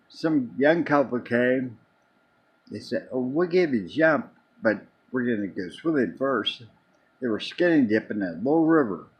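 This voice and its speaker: Husky man telling a rambling story. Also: mid-range voice, highs cut off. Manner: rambling, with frequent restarts and repeated words. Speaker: vlogger. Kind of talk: casual storytelling.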